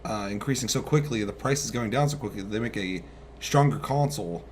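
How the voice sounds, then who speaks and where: A young man co-hosting a casual gaming news chat, loose and excitable, swearing casually. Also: on the low side, brisk, a little hiss or hum. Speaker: co-host.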